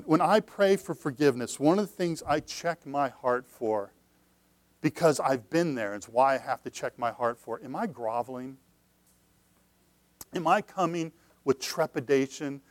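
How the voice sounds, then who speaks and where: Earnest preaching man, fairly high voice. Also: no echo. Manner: swings between hushed, low passages and loud, emphatic cries; earnest, repeats phrases and restarts sentences. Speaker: pastor. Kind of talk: sermon.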